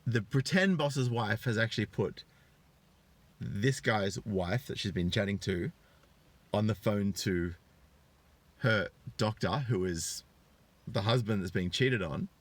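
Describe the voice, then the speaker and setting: A man in his thirties with an Australian accent, hosting a live stream. He retells stories with rising excitement, greets viewers in chat, and swears freely. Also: slow pace, long pauses. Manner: animated storyteller, swears freely, voice rises high when excited. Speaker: online show host.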